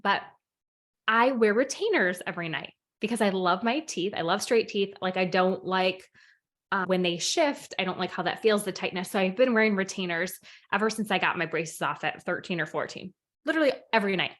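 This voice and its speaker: A woman coach casually telling a personal story to camera in an animated, excitable way, full of "like", sometimes dropping to a whisper. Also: medium pitch, fairly quick. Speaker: manifestation and meditation coach.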